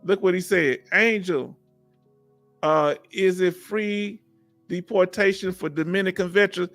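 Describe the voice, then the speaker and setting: Southern Texan male stream host, bright and high, jokey, chats with viewers. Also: unhurried, faint music behind. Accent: Southern US (Texas). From Houston, Texas. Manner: joking, laughs often, talks to chat viewers. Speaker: veteran livestream host. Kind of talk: casual live-stream chat.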